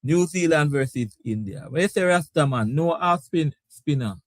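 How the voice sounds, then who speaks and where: A man's voice: a little high, animated, normal speed, dry recording. A man hosting a casual live sports talk stream. He laughs often and reads out viewer comments. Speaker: sports talk show host.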